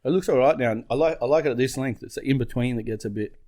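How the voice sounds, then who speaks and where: A man's voice: medium pitch, fast, warm tone. A man co-hosting a podcast with his brother, in casual, rambling banter that is full of swearing and self-mockery. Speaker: podcast co-host.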